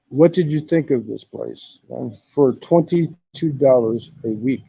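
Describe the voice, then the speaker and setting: Gravelly laid-back man streaming from a phone. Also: mid-range voice, measured pace, few pauses, mellow, muffled recording. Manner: laid-back, swears often, keeps saying "man". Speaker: live streamer. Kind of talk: casual live-stream walkaround. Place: hostel in Thailand. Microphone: phone camera.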